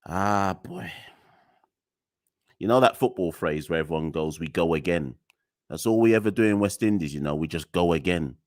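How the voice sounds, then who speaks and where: A man's voice: deep voice, moderate pace, pauses often, darkish tone, no room sound, studio quality. A young man hosting a live solo podcast, weary and exasperated as he rants. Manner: weary, exasperated, sighing and laughing wryly. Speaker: podcast host.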